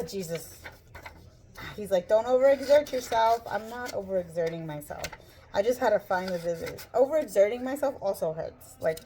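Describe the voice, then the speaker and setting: A woman's voice: lowish voice, dark tone, a little hiss or hum. A woman vlogging casually in her home kitchen, chatty and rambling, a little out of breath and joking about herself. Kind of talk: casual chat.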